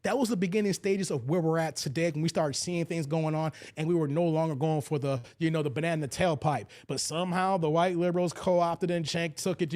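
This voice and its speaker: A man in his forties from the Chicago suburbs, with a Chicago accent and a slight Kentucky twang, hosting a casual commentary stream and answering chat in an animated, laughing way. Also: fairly high pitch. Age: 40s. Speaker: YouTube commentary host.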